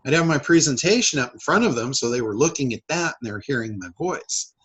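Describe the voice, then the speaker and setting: A man's voice: medium pitch, lively intonation, fast, fairly bright tone, breathy edge, rough recording. A man hosting a casual coaching call, talking in a rambling way with many fillers and restarts. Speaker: public speaker and sales trainer.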